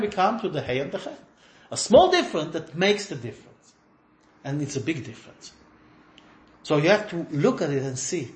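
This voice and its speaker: A man teaching a lively classroom lesson, questioning his students and swinging between loud emphasis and soft asides. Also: fairly high pitch, echoey room. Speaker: religious teacher.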